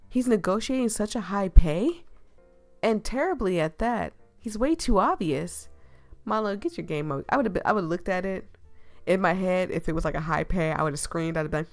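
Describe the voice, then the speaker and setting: A woman's voice: on the low side, lively intonation, moderate pace, faint music behind. A woman giving casual, playful commentary while playing a visual novel, laughing often. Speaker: let's play streamer.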